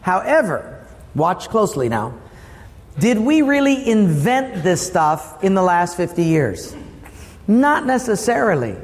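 A man preaching a sermon as pastor, lively and asking the congregation questions. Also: sits high, unhurried, big-room sound.

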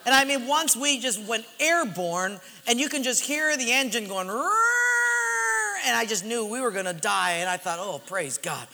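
A pastor tells a sermon story with animated energy, acting out the shouts and laughs himself. His voice sits high and sounds bright. The sound carries a long reverb from a large hall. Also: normal speed, few pauses.

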